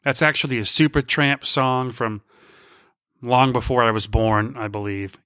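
A man hosting a podcast, talking casually and wandering off into tangents. His voice is bright and forward, with a playful streak. The sound is dry and close, with no room around it. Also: medium pitch, fairly even intonation, a little slow, smooth, dry recording. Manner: rambling, goes off on tangents; playful, shifts into silly voices. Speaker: podcast host.

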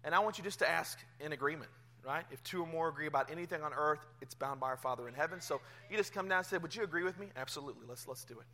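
Man, pastor, sermon in a church, high voice, very bright and forceful, animated storytelling. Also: racing. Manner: animated storytelling, swinging from hushed to loud. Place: church sanctuary.

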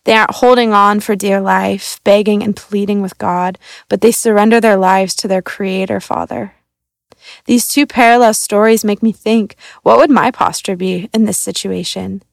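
A woman's voice: medium pitch, steady tone, moderate pace, gravelly, no room sound. A young woman from a church staff reading a devotional in an earnest, reflective way. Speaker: church creative arts coordinator.

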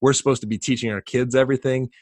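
A man's voice: medium pitch, steady tone, racing, darkish tone, no room sound, clean studio sound. A man co-hosting a podcast, joking in upbeat casual banter. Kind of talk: casual chat.

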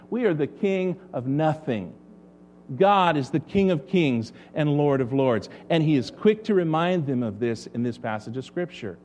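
A man's voice: fairly high pitch, normal speed, a little mellow. Man preaching a sermon. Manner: preaching with rhetorical questions to the congregation. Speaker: pastor.

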